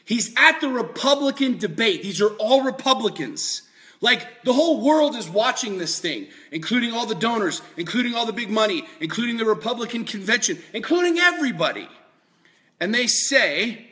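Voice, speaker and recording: A man's voice: sits high, lively intonation, fairly quick, pushed and bright. A man giving a fired-up political monologue, emphatic and repetitive, with lots of swearing. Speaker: political commentator.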